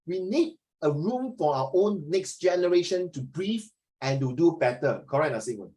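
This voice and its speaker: A man's voice: on the high side, expressive, normal speed, dark tone, poor audio. A middle-aged man with a Singaporean accent, teaching an online class in a rambling, chatty way, dropping "ah" and "lah" and switching into Mandarin. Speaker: social studies tutor.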